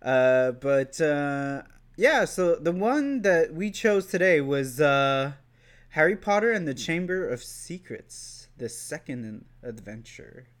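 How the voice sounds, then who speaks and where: Slow-talking man hosting a podcast. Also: a little high, very animated. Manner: halting, filler-heavy speech. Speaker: podcast host. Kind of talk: casual chat.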